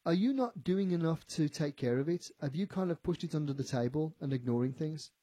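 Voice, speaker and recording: A man working as a psychic medium on the radio, animated, often repeating himself and quoting what a spirit tells him. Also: fairly high pitch, brisk, no room sound. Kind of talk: on-air psychic reading. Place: radio studio.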